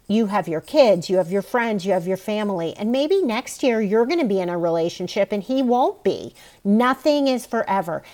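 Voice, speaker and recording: A woman hosting an advice podcast, talking straight to the listener in a warm, reassuring way. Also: mid-range voice. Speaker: podcast host.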